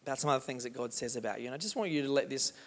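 A man preaching a sermon as pastor, moving between loud rousing passages and slow, quiet meditative reading. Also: mid-range voice. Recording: long hall reverb.

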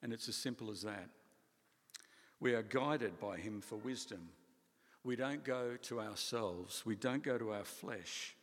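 Low-voiced male preacher, reverberant hall. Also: unhurried. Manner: conversational, animated preaching with playful asides. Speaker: pastor. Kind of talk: sermon.

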